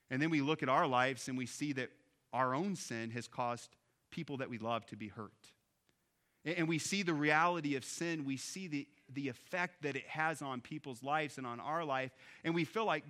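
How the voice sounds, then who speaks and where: A man, a pastor, preaching an earnest Easter sermon, building up on key points and dropping soft on others. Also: mid-range voice. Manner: earnest, rising with emphasis then dropping soft.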